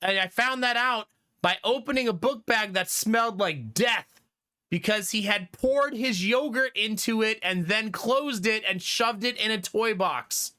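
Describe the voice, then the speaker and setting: A man's voice: high-pitched, a little slow. A man in his thirties chatting casually with viewers on a livestream, telling funny stories about his kids and laughing often. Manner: animated storytelling with frequent laughter. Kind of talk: casual chat reading viewer comments.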